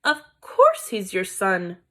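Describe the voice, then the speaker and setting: A woman's voice: mid-range voice, huge pitch swings, takes it slowly, fairly bright tone, heavily acted. Woman doing a haughty French mother mouse. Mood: exasperated. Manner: exasperated, scoffing.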